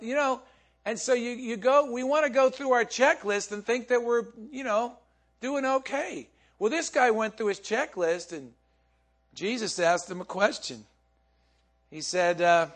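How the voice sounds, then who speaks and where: Preaching in a loose, conversational style, a man with a high, slightly bright voice asks the congregation questions and laughs often.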